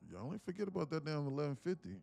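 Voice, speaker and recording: A man's voice: a little high, sing-song, rapid-fire, gravelly, dark tone, soft background music. A man live-streaming his day trading, bantering loosely with chat in slangy, joking talk and cursing freely.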